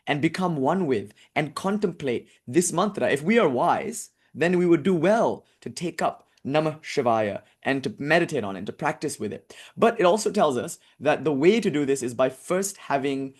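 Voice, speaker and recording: A man giving a lecture on scripture, explaining terms with fillers and self-corrections and slowly chanting mantras in between. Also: on the high side, animated, husky. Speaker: teacher.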